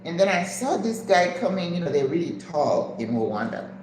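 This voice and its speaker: An older woman hosting a live stream, telling a story in an animated way and acting out the voices of people in it. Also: normal speed. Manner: animated, acts out voices with big pitch jumps. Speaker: channel host. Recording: echoey room with background noise.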